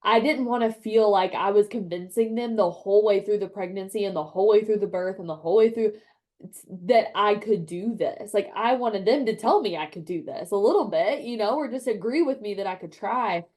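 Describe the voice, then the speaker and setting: A woman's voice: medium pitch, a little fast, darkish tone. A woman guest sharing a personal birth story in casual conversation, emphatic and frank. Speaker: podcast guest.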